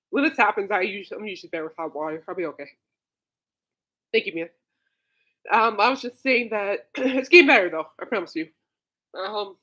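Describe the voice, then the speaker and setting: A woman's voice: medium pitch, a bit bright. A woman hosting a casual solo podcast, gushing and rambling with many fillers, breaking into coughing fits. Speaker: podcast host.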